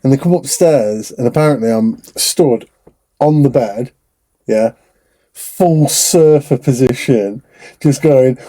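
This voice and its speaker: Young male podcast co-host, slow-paced and warm-toned, laid-back anecdotes. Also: mid-range voice. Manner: relaxed anecdotes, swears casually. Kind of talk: casual chat.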